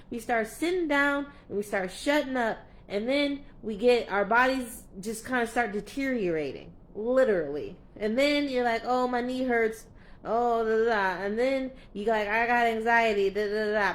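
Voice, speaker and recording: A young adult woman coach speaking candidly in a vlog, earnest and heartfelt, rambling with many fillers and restarts. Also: on the high side. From California. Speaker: play and movement coach.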